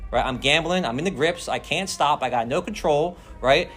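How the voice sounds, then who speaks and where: A man's voice: on the high side, normal speed, fairly bright tone, faint music behind. Profane rambling man sharing his recovery story. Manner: rambling, profane, streetwise slang with constant "like" and "right?". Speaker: recovery meeting speaker. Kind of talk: personal recovery share.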